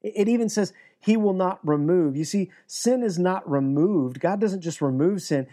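A man's voice: sits high, normal speed, warm tone. A man preaching an earnest, emphatic sermon as pastor, often restarting his phrases.

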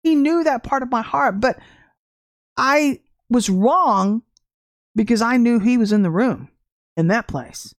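Brief: middle-aged woman minister, bright higher voice, close dry mic, chatty testimony preaching. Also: a little slow, long pauses, no room sound. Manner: animated storytelling with laughs and acted quotes. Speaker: livestream minister. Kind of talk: informal testimony sermon.

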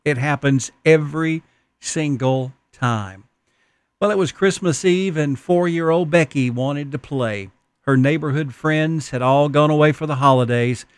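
A man's voice: fairly high pitch, measured pace, clean tone, no echo. A man preaching a Christmas sermon, telling stories in an earnest, folksy way. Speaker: pastor.

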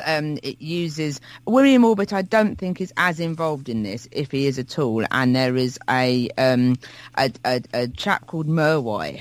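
A man's voice: mid-range voice, poor audio. A man co-hosting a podcast, telling a wry story about music in a chatty way, with frequent restarts. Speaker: podcast co-host. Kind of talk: casual chat about music.

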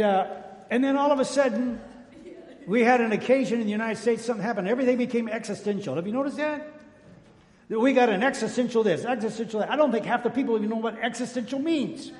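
Folksy and joking, an older pastor calls out to his congregation while delivering a sermon in a church sanctuary. His voice sits high with a darkish tone, and the echoey hall colors the recording.

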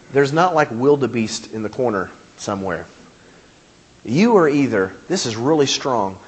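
A man's voice: medium pitch, breathy edge. A man preaching a sermon as pastor, speaking emphatically with repeated phrases and questions to his congregation.

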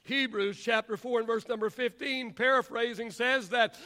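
A man preaching a sermon as pastor, with a repetitive, rhythmic cadence that swells to shouts and drops into drawn-out pauses. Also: very high voice, steady tone.

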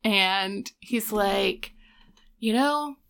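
A woman's voice: mid-range voice, extremely slow, gravelly, fairly bright tone, clear, resonant tone. A woman co-hosting a casual recap chat, retelling scenes and quoting the characters as she goes. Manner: retells scenes with quoted voices. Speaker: podcast co-host.

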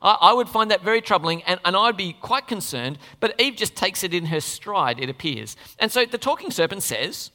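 Lively, chatty preacher in a reverberant hall. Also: medium pitch, moderate pace, hardly any pauses. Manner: conversational, asks the congregation questions, playful asides. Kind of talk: sermon. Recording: long reverb of a large hall.

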